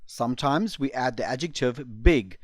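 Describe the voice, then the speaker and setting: A male teacher narrates an English lesson with careful, clear explanations. His voice sits in a middle pitch. It is recorded close and dry, with no room sound. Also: expressive, no room sound. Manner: slow, clear explanations for learners.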